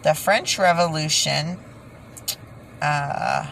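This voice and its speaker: A woman talking casually to her viewers while reading from her notes, halting often, correcting herself and laughing at her own slips. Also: sits low, gravelly, a bit bright, slight background noise, low-quality recording. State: tired, head pounding. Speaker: video creator.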